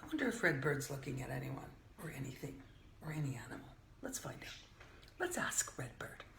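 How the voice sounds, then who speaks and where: An older woman reading a picture book aloud to young children, gentle and playful, often dropping to a soft whisper. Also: extremely low pitch, big pitch swings, a little fast, creaky. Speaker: children's storyteller. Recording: echoey room with faint hiss.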